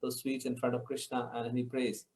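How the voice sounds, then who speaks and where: A man's voice: medium pitch, monotone, moderate pace, darkish tone, low-quality recording. A man in an online scripture study group, explaining ideas through homely analogies over a video call.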